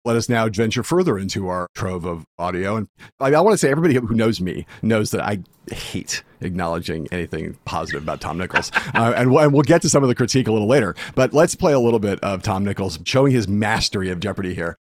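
Male podcast host, quick and teasing, dry close mic. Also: on the low side, animated, dry recording. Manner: fast-talking, teasing. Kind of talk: casual chat.

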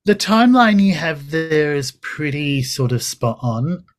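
A man's voice: fairly high pitch, unhurried. Chatty man recounting stories. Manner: animated storytelling with laughs and quoted dialogue. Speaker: podcast guest. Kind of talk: casual chat.

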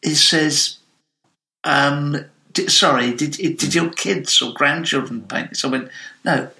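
A man co-hosting a comedy podcast, spinning a rambling, sweary tall tale in a deadpan way. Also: on the high side, slow pace, gravelly. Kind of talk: improvised comic storytelling. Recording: lo-fi recording on cheap equipment.

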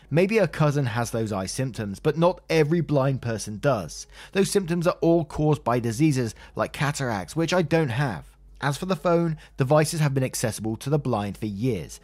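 A man narrating a first-person story in a sardonic, animated way. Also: mid-range voice, normal speed, no room sound, soft background music.

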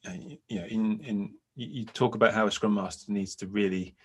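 A man's voice: fairly low pitch, fairly even intonation, fairly quick, husky. A man co-hosting a podcast from home, musing thoughtfully in casual chat, often hesitating. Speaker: podcast co-host and agile coach.

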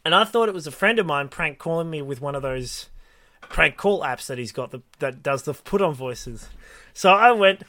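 A man's voice: a little high, animated, moderate pace, dry recording. A man co-hosting a casual podcast chat, rambling and restarting his sentences as he tells stories. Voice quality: bright, rambling with many restarts. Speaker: podcast co-host.

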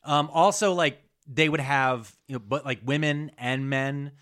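A man's voice: mid-range voice, unhurried, fairly bright tone. A man co-hosting a podcast, talking through history in casual chat, swearing freely and dropping into mocking quoted voices. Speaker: podcast co-host.

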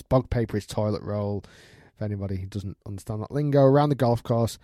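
Male podcast host, warm mellow tone, dry close sound, chatty and laughing while reading mail. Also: medium pitch, a little fast, dry recording. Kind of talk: casual podcast monologue, reading listener email.

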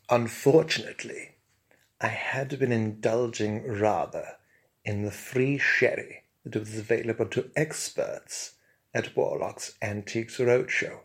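A man's voice: mid-range voice, fairly even intonation, a little slow. A man narrating an absurd comic tale in a pompous, mock-grand manner. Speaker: comic storyteller.

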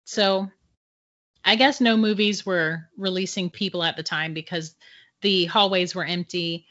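Middle-aged woman guest, lively storyteller who laughs easily, bright voice, dull lo-fi sound. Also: on the low side, unhurried. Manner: animated, laughs often between sentences. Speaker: podcast guest. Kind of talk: telling a personal ghost story. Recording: dull lo-fi audio.

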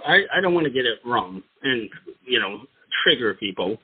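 A man's voice: mid-range voice, very animated, slightly rough, no room sound, narrow, tinny audio. Guy co-hosting radio, kinda hesitant, stumbles and repeats, dry thin phone sound. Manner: hesitant, halting, repeats words. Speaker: radio co-host. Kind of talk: casual talk radio chat.

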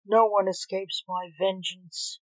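Cold boastful young male sorcerer, woman reading, vengeful, slow delivery, lo-fi. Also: medium pitch, steady tone, a little mellow, no room sound, close to an everyday voice. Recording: dull lo-fi recording.

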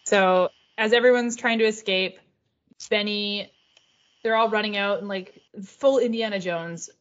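A woman's voice: medium pitch, steady tone, measured pace, muffled recording. A woman hosting a podcast, recapping in a chatty, casual way with lots of filler words and some swearing. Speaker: podcast host.

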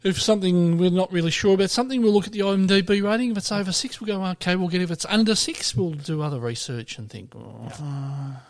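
A man's voice: sits high, animated, fast, few pauses. Laid-back Australian man co-hosting. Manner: laid-back, short replies, dry asides. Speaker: podcast co-host. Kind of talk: casual podcast chat. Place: home dining room.

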